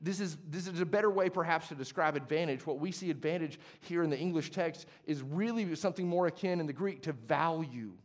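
A young adult man preaching a sermon as pastor, conversational and passionate, moving from hushed to emphatic. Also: a little high, a little fast, few pauses.

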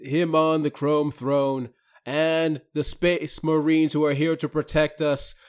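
Man playing a slow-intoning funeral priest. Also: on the high side, little pitch movement, a little mellow, clear, resonant tone. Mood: solemn. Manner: slow, drawn-out intoning prayer. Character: solemn male holy priest at a funeral.

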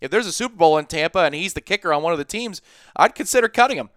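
Casting note: man, sports podcast co-host, chatty storyteller, bright crisp voice, dry close sound. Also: on the high side, very fast, no echo. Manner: chatty, animated storytelling with asides.

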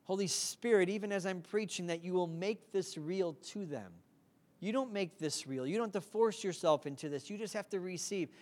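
A woman's voice: fairly low pitch, moderate pace, darkish tone. This is a woman delivering a sermon to a congregation. She speaks earnestly and directly, and she keeps checking in with her listeners for a response. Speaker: preacher.

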